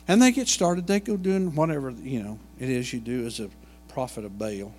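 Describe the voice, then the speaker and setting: A man's voice: medium pitch, moderate pace, darkish tone, in a large hall. A man preaching a sermon and retelling a Bible story in a folksy way, full of asides and homey jokes. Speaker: pastor. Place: church sanctuary.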